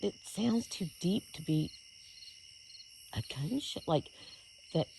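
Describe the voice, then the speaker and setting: A vlogger in a rural yard at night, puzzled and talking in hushed bursts into a handheld phone. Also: medium pitch, lively intonation, takes it slowly, gravelly, noisy background. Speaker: vlogger investigating sounds. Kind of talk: casual outdoor vlog. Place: outdoors at night in a rural yard by a wooded ridge.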